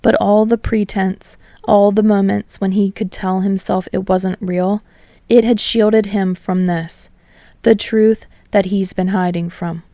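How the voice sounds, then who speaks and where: A woman's voice: medium pitch, fairly even intonation, a little slow, dark tone, dry recording, studio quality. Woman reading a fan fiction audiobook. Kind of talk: audiobook narration.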